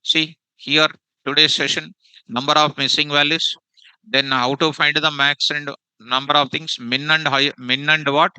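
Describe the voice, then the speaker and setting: A man leads a classroom lesson, constantly repeating himself and tossing "what?" questions at his students. His voice is sharply bright and clean-edged. The sound is dry and close. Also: a little high, level tone, a little slow, clean tone, no room sound, poor audio. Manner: repeats phrases and quizzes students with "what?" prompts. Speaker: programming teacher. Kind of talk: live classroom lecture.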